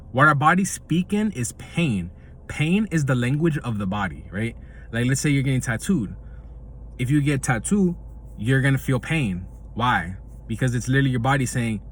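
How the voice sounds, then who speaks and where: A man's voice: mid-range voice, a bit bright, rough recording. A young man hosting, talking in a loose, slangy casual monologue and laughing often. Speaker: podcast host.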